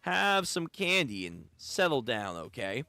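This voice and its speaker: Cast a man reading as a relaxed young man who talks others down, dry close sound. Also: mid-range voice, measured pace, dry recording, faint music behind, full character voice. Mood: soothing. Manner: soothing, laid-back.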